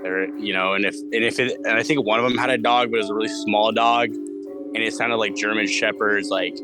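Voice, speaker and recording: Over music, a guest storyteller in his twenties speaks in a lowish, steady voice, talking a little fast. In a studio, he rambles casually through a personal ghost story, packed with fillers and swearing.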